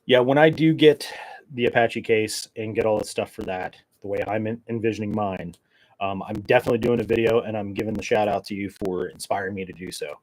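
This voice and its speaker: A man with a lowish voice chatting alone on his podcast, rambling from one joke to the next. He sounds wired and loose, with lots of ums and restarts. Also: a little fast, poor audio. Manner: rambling, joking, caffeine-wired, many fillers. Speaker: podcast host. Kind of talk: casual solo chat.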